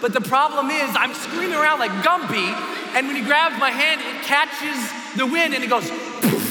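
A man giving a dramatic, expressive motivational talk on a stage in a large hall, acting out his story as he tells it. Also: very high-pitched, moderate pace. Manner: expressive, dramatic, acts out scenes with screams. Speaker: motivational speaker. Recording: echoey hall with ambient noise.

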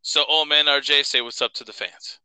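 A man's voice: on the high side, fairly even intonation, normal speed, sharp tone, clear, resonant tone, no room sound, rough recording. A man hosting a casual podcast, upbeat and joking as he reads out the intro. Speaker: podcast host.

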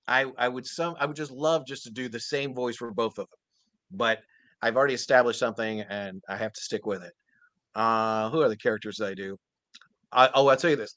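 A man, a voice actor guest, telling stories in an animated, earnest way during a casual interview. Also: medium pitch, no room sound.

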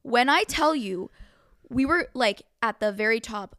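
A young woman co-hosting a podcast, telling a story in a lively, animated way with lots of "like.". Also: fairly high pitch, unhurried, dry recording, clean studio sound. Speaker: podcast co-host. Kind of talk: casual chat.

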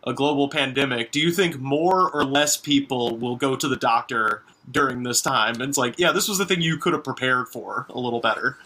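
Animated, swearing male comedian. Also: medium pitch, fairly quick, hardly any pauses. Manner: animated, swearing, rambling riffs. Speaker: comedian guest. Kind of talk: casual comedy podcast chat.

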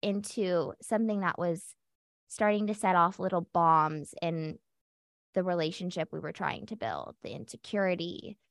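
A woman's voice: lowish voice, moderate pace, gravelly, dry recording, studio quality. A woman guest on a podcast, candidly and heartfelt telling her own story with lots of casual fillers.

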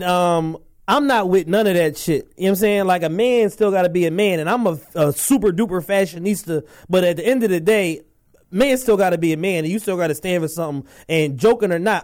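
A man's voice: high-pitched, a little mellow, no room sound, studio quality. A man co-hosting a casual podcast in a laid-back, drawling way. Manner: laid-back, drawling, says "you know what I'm saying" a lot. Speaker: podcast co-host.

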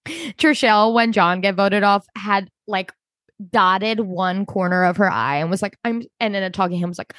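Animated woman recapping a show, dry sound. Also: mid-range voice, dry recording. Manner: animated, quick, laughing retellings. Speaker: podcast co-host. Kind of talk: casual chat.

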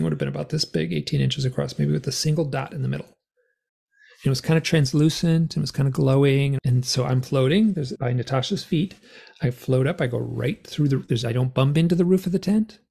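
A middle-aged man, a guest author, telling a personal story in an interview in a rambling, animated way with many fillers. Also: medium pitch, gravelly, slightly rough.

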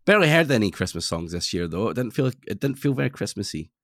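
Guy on a podcast, swears a lot, gets worked up fast, dry close sound. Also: lowish voice, dry recording. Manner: sweary, rants with rising excitement. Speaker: podcast co-host. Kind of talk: casual chat.

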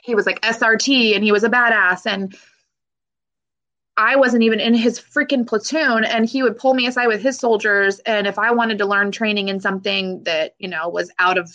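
A woman veteran speaks in an interview, her voice catching with emotion as she pauses, restarts and laughs nervously. Her pitch sits in an ordinary middle range, and the recording has a slightly dull, lo-fi quality. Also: fairly even intonation, pushed and bright. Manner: halting, emotional, with frequent fillers and nervous laughs. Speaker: military veteran guest.

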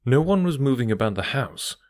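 A man reading an audiobook in measured storytelling narration. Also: medium pitch, very animated, darkish tone, no echo, clean studio sound. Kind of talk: scripted narration.

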